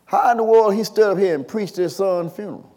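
A man, preaching a sermon, swinging from quiet storytelling to shouted call-and-response. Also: high voice, brisk. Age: 60s.

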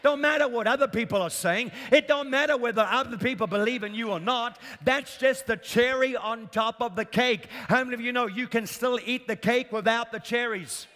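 A man's voice: very high voice, moderate pace, few pauses, a bit bright. A man preaching a sermon, emphatic and repetitive, calling for responses from the congregation. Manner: emphatic, repeats lines for effect, calls for audience responses. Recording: long reverb of a large hall.

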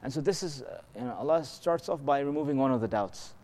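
A man's voice: medium pitch, fast talker, a little mellow, slight background noise. A man giving a conversational religious lesson. He explains patiently, asks rhetorical questions and keeps checking in with his listeners. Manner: slips into melodic Arabic recitation of verses. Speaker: religious teacher.

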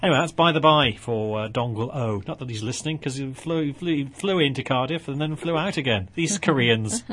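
Husky-voiced male radio host, chatty. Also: medium pitch, fairly bright tone. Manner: chatty, teasing. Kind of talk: casual radio chat.

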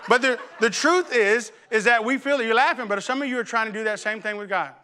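A male pastor preaching in a playful, comic storytelling way. His voice sits high and sounds very bright and cutting, breaking into loud bursts. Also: quick pace, smooth. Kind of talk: comic sermon.

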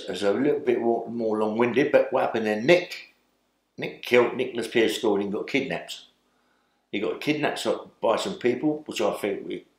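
A man's voice: fairly low pitch, echoey room. An older man, telling stories in a rambling way as an interview guest and tagging lines with "yeah?". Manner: rambling, tag questions like "yeah?". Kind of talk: storytelling in a sit-down interview.

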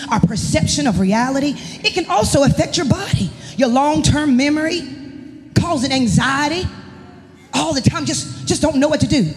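A woman with a high-sitting, slightly mellow voice, a pastor's wife and worship leader, delivers an emphatic, impassioned sermon in a church. The long, echoing reverb of the church hall fills the recording.

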